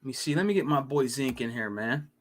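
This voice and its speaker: A man's voice: mid-range voice, animated, a little fast. A man hosting a casual live stream, ranting and swearing, with lots of "you know what I mean.". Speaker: podcast host.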